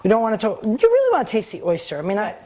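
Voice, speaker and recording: A woman's voice: medium pitch, wildly swooping pitch, racing, mellow. A woman chef from Rhode Island in her thirties, chatting casually while cooking, laughing and teary-eyed from onions. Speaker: guest chef. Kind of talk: casual cooking demo chat. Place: home kitchen.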